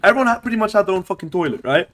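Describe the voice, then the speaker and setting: High-voiced man telling a rowdy story. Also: racing. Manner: animated, swearing, keeps saying bro and right. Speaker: streamer telling a story to friends. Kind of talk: casual storytelling on a livestream.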